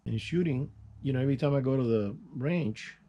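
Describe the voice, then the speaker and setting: Older man with a mellow, rambling voice. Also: a little fast, slight background noise. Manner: rambling, folksy, with restarts and sound words like "boom". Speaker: channel host. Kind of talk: casual vlog storytelling while working.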